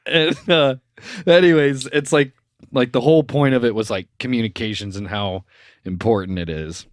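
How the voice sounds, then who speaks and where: A man's voice: mid-range voice, normal speed, no echo, clean studio sound. A young man co-hosting a podcast, telling stories in a rambling casual way, full of "like" and prone to laughing fits. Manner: rambling storyteller, heavy use of "like", breaks into laughter. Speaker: podcast co-host. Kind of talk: casual chat.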